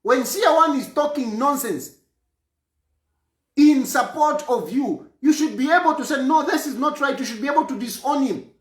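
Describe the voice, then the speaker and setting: A Zambian man gives an emphatic political statement at a moderate pace, repeating phrases to drive his points home. His pitch rises and falls lively, and the sound echoes as if in a roomy space.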